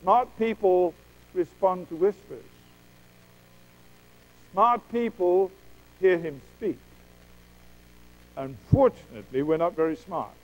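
A man preaching a sermon emphatically, with dramatic pauses, acting out quoted voices. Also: sits high, lo-fi sound.

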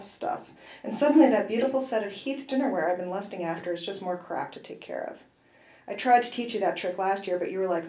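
A woman author reads her own novel aloud at a university event, wry and conversational, with brief asides to the audience. Her voice sits at an ordinary middle pitch. The hall around her gives a roomy echo. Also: a little mellow. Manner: wry first-person delivery with brief asides.

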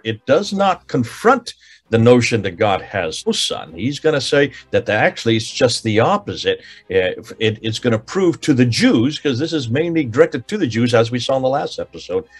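A man's voice: mid-range voice, slightly rough. A man hosting a recorded discussion, introducing guests in a chatty, rambling way. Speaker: host.

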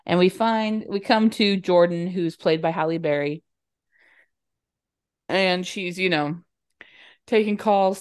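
A woman's voice: on the low side, darkish tone. A young adult woman co-hosting a podcast, giving a chatty, giggly movie recap and briefly acting out the characters' lines. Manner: chatty, giggly, dips into quoted voices. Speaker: podcast co-host. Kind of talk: casual movie recap chat.

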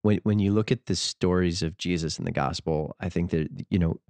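A man co-hosting a faith podcast, speaking in a measured, deliberate way. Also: low voice, darkish tone, no room sound. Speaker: podcast co-host. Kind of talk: casual faith discussion.

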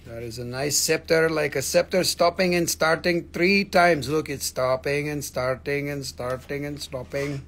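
A man's voice: fairly high pitch, steady tone, unhurried, vocal fry, few pauses, fairly bright tone. Joking, foul-mouthed man selling crystals live. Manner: joking, rambling, swears freely. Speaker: live-stream crystal seller. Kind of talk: casual live sales chat.

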